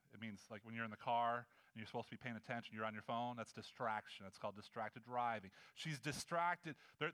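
A man preaching a sermon in a conversational, animated way, acting out the scenes he describes. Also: a little high, clear, resonant tone. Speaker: pastor.

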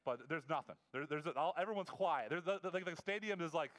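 A male preacher retelling a story in a sermon, in a casual, animated way with asides and quick restarts. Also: fairly high pitch. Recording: long reverb of a large hall.

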